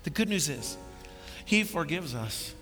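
A man preaching a sermon as pastor, impassioned, building to emphatic peaks and then dropping quiet. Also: a little high, very animated, a little slow. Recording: long reverb of a large hall with faint music.

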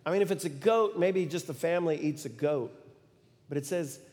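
A middle-aged man preaching a sermon, telling a story in an animated way and acting out the quoted lines with sudden loud bursts. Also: a little high, normal speed. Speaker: pastor. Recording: long reverb of a large hall.

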